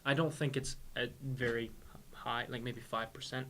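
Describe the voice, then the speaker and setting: A young male podcast co-host in loose, opinionated chat. He swears casually and stumbles into repeated words, keeping a mid-pitched, everyday tone. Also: fairly even intonation, moderate pace, a bit bright, slight background noise.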